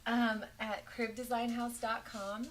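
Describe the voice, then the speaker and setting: A woman guest on a talk show interview, relaxed and a little hesitant, with filler sounds. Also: on the high side, slow, slight background noise, poor audio. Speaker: guest, magazine publisher.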